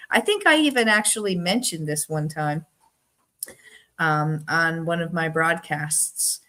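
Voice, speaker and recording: A woman with a Newfoundland accent hosts a trivia game on a live stream, speaking in an unhurried, slow rhythm. Her voice sits a little low. She is chatty and giggly, teasing her viewers by name as she reads their answers. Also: animated, sharp tone. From Newfoundland, Canada.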